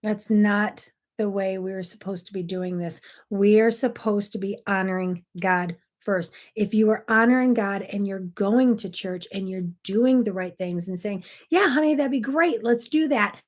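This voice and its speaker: A woman's voice: mid-range voice, steady tone, darkish tone. A middle-aged woman hosting a morning devotional video, talking earnestly and directly to the camera in a casual style. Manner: earnest and direct, acts out quoted spouses in quick little voices. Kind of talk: casual faith talk to camera.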